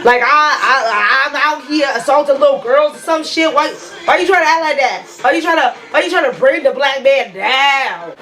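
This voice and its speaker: A woman voicing a brash, smooth-talking young man who turns defensive, with slangy, smug pickup-line delivery. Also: sits high, normal speed, sharp tone.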